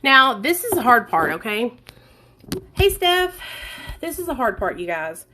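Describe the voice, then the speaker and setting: A woman's voice: fairly high pitch, big pitch swings, a little fast, sharp tone, a little hiss or hum. A woman talking candidly to her viewers in a casual livestream, answering their questions in an earnest way with lots of fillers and restarts.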